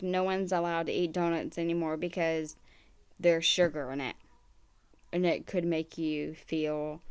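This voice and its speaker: Woman reacting to a video, slow gravelly drawl, rambling and incredulous. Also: sits low. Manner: incredulous, rambling, self-interrupting. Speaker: reaction commentator. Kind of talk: casual reaction commentary.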